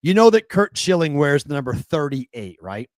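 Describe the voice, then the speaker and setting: A man hosting a sports talk show, telling stories in an animated, excitable way, full of fillers and restarts. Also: a little high, normal speed, no echo. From New England. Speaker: sports talk radio host. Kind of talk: casual sports talk storytelling.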